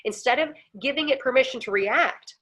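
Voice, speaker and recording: A woman's voice: sits high, moderate pace, fairly bright tone. A woman teaching a personal growth class in a casual, earnest way, acting out quotes and laughing often. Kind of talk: casual talk to a group. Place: home, pool outside her patio.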